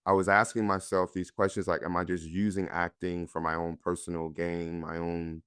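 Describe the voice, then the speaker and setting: Low smooth-voiced guy from north carolina, earnest and reflective, dry close mic. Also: little pitch movement, moderate pace, a bit bright, no room sound. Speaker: actor guest. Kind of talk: candid conversational storytelling.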